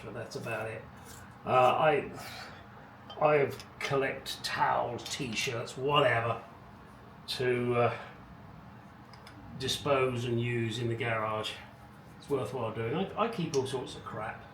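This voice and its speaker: A man's voice: medium pitch, fairly bright tone. A middle-aged man narrating his car restoration work in a casual, wry, rambling way with muttered asides, recorded in his home garage. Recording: echoey garage, distant mic, background noise.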